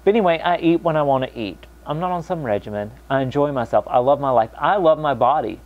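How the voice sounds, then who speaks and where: A young American man talking casually to camera, animated, mocking other people's voices when quoting them. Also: on the high side, fast talker, narrow, tinny audio. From United States. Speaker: vlogger.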